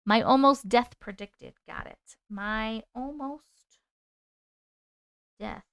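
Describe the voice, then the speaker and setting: A woman with a New York accent hosts a relaxed livestream, rambling cheerfully and calling out viewers by name. Her voice sits high and rings smooth and clear. The sound is close and dry, with no room echo. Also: takes it slowly, long pauses. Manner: chatty, rambling, greets viewers by name, casual swearing. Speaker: livestream host and storyteller. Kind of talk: casual livestream chat.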